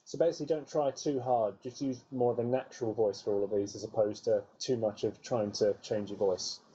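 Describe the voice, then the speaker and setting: A man's voice: on the low side, steady tone, a little fast, dark tone, breathy edge, lo-fi sound. A man hosting a podcast, asking the guest short encouraging follow-up questions. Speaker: podcast host. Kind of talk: interviewing a guest.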